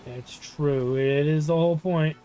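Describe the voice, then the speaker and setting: A young man talks through a game on a live stream, playful and quick with a joke. His voice sits a little high for a man. Faint game music plays under him. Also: fairly even intonation, dark tone. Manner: joking, playful, slips into silly bits. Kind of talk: casual live-stream chat.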